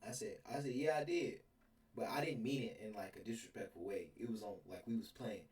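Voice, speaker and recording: Young guy, rambling animated storyteller, sits back from the mic in an echoey room; casual storytime vlog. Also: on the low side, a little fast. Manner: rambling, animated, laughs mid-sentence. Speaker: storyteller vlogger. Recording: roomy sound from a distance.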